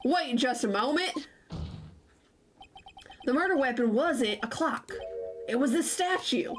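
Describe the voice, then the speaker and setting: A woman streaming a game live, reading the dialogue aloud in a playful, giggly way with quick asides, over game music. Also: high-pitched, expressive.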